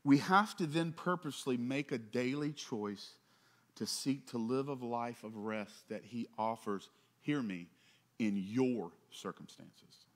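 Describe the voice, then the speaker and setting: A pastor delivering a sermon in a conversational way, with asides, swelling for emphasis and dropping soft on key points. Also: male voice. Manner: conversational preaching with asides and quick jokes; rises in pitch and volume for emphasis, drops low and soft on closing points.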